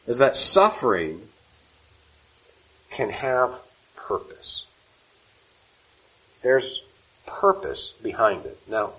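A man preaching a sermon, swinging from loud emphatic lines to soft, slow ones. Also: medium pitch, muffled recording.

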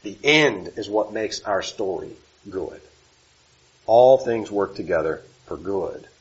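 A man preaching a sermon, swinging from loud emphatic lines to soft, slow ones. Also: fairly low pitch, expressive, lo-fi sound.

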